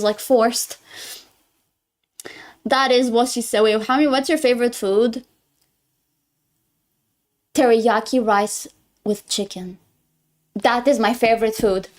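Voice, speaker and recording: A woman streaming live, chatting casually and reading out viewer messages, giggling often, with a non-American English accent. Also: on the high side. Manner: chatty, giggly, reads chat aloud and greets viewers.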